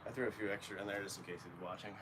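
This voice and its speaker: Guy coaching a kettlebell workout, kinda low voice, quiet no-mic sound, noisy room. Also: fairly even intonation, rapid-fire. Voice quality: quiet, often low and half-whispered. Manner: casual, rambling coaching talk. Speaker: fitness coach. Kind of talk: live workout instruction. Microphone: no microphone, camera picks up from a distance.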